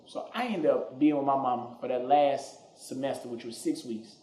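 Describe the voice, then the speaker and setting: Profane, animated male storyteller. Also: mid-range voice, moderate pace. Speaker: podcast host. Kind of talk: comedic storytelling. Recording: echoey room.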